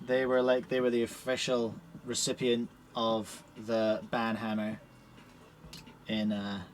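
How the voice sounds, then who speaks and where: A man's voice: medium pitch, monotone, slow pace, slight background noise. A man with a Scottish accent chatting casually on a live stream while setting up puzzle cubes in a shed. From Scotland. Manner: chatty, cheerful, talks while working with his hands.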